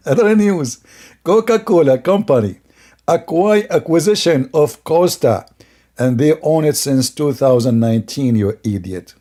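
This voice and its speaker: A man's voice: on the high side, lively intonation, takes it slowly, mellow. A man giving sarcastic, scornful commentary on a video, laughing often as he mocks it.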